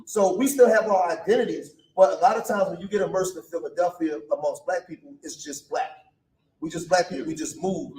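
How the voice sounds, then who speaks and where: A man interviews a guest in a loose, casual chat, firing off pointed questions at a rapid clip. He sounds distant from the mic, with a roomy echo around his fairly high voice. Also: darkish tone. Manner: quick, pushes with questions. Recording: echoey room from a distance.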